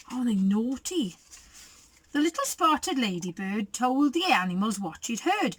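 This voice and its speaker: Storyteller reading aloud to kids, high animated voice, unhurried. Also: female voice, slightly rough, no echo, poor audio. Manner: expressive, chatty asides. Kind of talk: reading a picture book aloud to children.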